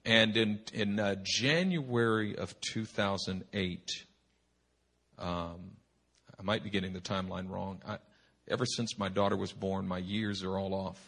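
Pastor guy at a retreat telling a funny story, husky but bright sound, keeps restarting himself. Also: low-pitched, measured pace. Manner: animated, humorous, rambling with frequent restarts. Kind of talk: sermon storytelling. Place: retreat meeting hall.

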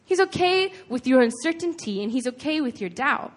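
Woman preacher, slightly high voice, casual and earnest, chatty sermon delivery. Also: animated, normal speed. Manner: conversational, earnest, retelling scripture with frequent "like".

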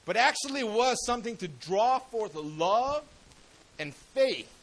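High-voiced man preaching casually. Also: expressive, takes it slowly, a bit bright, rough recording. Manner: casual, slangy, asks the crowd questions. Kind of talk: sermon.

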